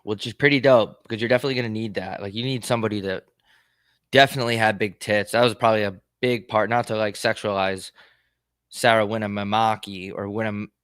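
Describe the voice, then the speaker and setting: A man's voice: on the low side, fairly even intonation, fairly quick, a bit bright, no room sound, clean studio sound. A young man hosting a casual solo show, riffing aloud in a crude, rambling way with lots of swearing and laughter. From United States. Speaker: podcast host.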